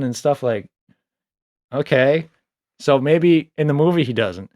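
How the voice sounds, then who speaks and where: A young adult man casually reviewing a book, rambling with lots of fillers, a little low on sleep. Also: measured pace, no room sound, studio quality. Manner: rambling, filler-heavy, animated asides.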